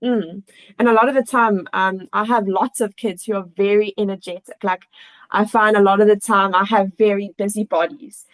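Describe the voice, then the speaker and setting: A woman's voice: mid-range voice, steady tone, normal speed, poor audio. A woman guest on a podcast, a children's coach, speaking earnestly and thoughtfully in casual conversation.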